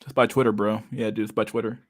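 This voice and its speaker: A man in his thirties hosting a loose live stream and reading viewer chat aloud. His voice sits low and barely moves in pitch as he swears his way through comments, throwing in "dude" constantly. The sound is dry and close, with almost no room around it. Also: little pitch movement, fast, dry recording. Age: 30s. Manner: casual, profane, says "dude" a lot, reads comments aloud.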